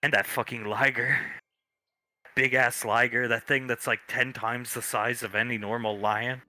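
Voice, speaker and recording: A man narrating a tabletop role-play as game master, speaking in an animated, playful way. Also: medium pitch, normal speed, dry recording, rough recording.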